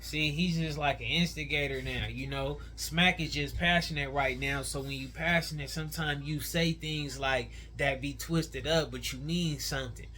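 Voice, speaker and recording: A man's voice: on the high side, fairly even intonation, normal speed, hardly any pauses, pushed and bright, a little hiss or hum. A man giving casual, opinionated reaction commentary, talking in a conversational way full of slang.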